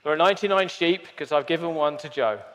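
A man's voice: a little high, fast talker, background noise. A man preaching a sermon to a congregation, chatty and joking with the people in the room. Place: church hall with a congregation. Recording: long hall reverb.

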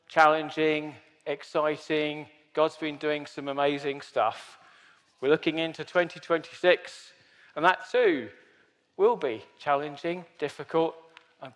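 Brief: male preacher, slightly high voice, playful and chatty with the congregation, long hall echo. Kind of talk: sermon.

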